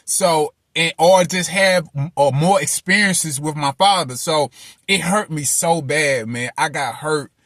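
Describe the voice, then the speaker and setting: A man delivers a personal motivational talk in a high, bright voice. He circles back on his words, scatters "man" and "you know what I'm saying" everywhere, and builds to loud, impassioned preaching. The sound is dry and close. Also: measured pace, no echo. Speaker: motivational speaker.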